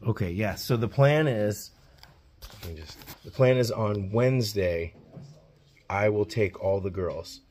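A man with a fairly low voice hosts an on-location rescue vlog. He is chatty and earnest, and he explains care tips as he goes. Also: unhurried, darkish tone. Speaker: host of animal rescue channel. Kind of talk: casual on-location vlog chat.

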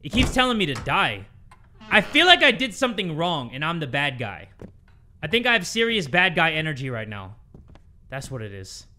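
Playing a horror game at home, this young man talks to his viewers with a somewhat high, sharp, very animated voice at a moderate pace. The gaming YouTuber is jumpy, swears a lot, and shrieks when something startles him. There's a little hiss or hum.

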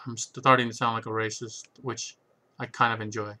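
A man's voice: mid-range voice, level tone, normal speed, pushed and bright. A man hosting a casual vlog, rambling through a bookshelf tour with many fillers and asides. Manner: rambling, filler-heavy, thinking aloud. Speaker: channel host.

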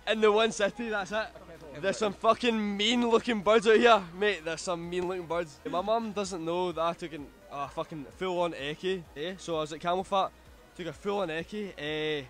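A young Scottish man on a night out, brash and sweary, firing off lists in quick bursts. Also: sits high, steady tone, a bit bright, soft background music. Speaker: interviewee on a night out. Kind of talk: street banter.

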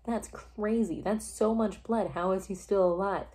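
A woman's voice: mid-range voice, fairly even intonation, measured pace, hardly any pauses, mellow. A woman recorded on a phone, talking through a play in a casual, chatty way with lots of fillers and the odd swear word. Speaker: video creator summarizing a play. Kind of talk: casual spoken commentary.

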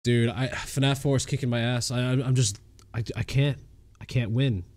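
A man streaming a horror game, excitable, swearing and laughing at the scares. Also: mid-range voice, normal speed. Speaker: gaming streamer. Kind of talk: livestream horror game commentary.

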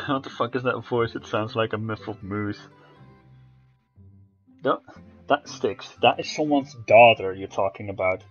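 Male streamer, teasing casual banter, mid-pitched, dull audio with faint music behind. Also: measured pace, pauses often. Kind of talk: casual game commentary.

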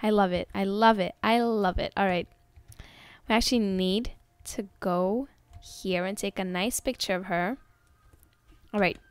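A young woman giving casual gameplay commentary, excitable and gushing as she talks to her viewers. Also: mid-range voice, measured pace, long pauses, smooth, no room sound. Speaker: gaming video host.

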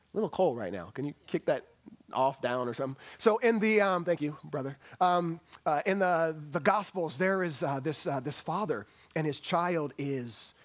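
A man preaching a sermon as pastor, swinging between loud emphatic bursts and soft hushed lines, asking the congregation questions. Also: a little high. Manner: addresses congregation as family, asks questions. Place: church sanctuary.

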